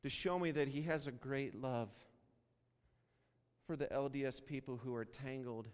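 A man from Wyoming preaching a sermon, telling a story and acting out the dialogue in an animated way. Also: mid-range voice, normal speed, clean tone. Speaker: pastor. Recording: long reverb of a large hall.

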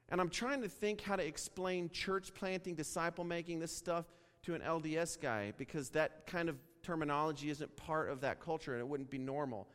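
A man from Wyoming preaching a sermon, telling a story and acting out the dialogue in an animated way. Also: a little high, a little fast, few pauses. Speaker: pastor. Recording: long reverb of a large hall.

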